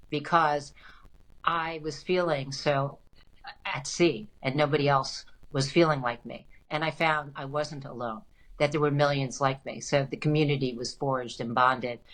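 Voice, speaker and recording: A middle-aged woman author telling her story in an interview, animated and emphatic, with frequent restarts. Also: a bass voice. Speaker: guest author. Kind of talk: conversational interview.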